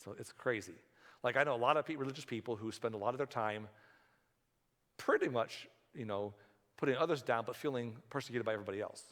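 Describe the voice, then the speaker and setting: Talking fast in a medium-pitched, fairly bright voice, a male pastor preaches a conversational sermon in a church sanctuary. He often acts out the voices of the people he describes, and the hall adds reverb.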